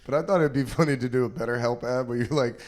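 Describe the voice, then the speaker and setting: A man's voice: mid-range voice, fast talker. Laughing young man chatting crudely. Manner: laughs often, crude and animated. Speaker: podcast co-host. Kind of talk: casual chat. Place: living room.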